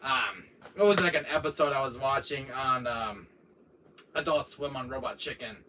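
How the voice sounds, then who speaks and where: A man with a mid-range voice speaks at a moderate pace while hosting a casual livestream. He rambles through jokes and game talk, laughing often and using lots of fillers, and the distant mic picks up faint noise.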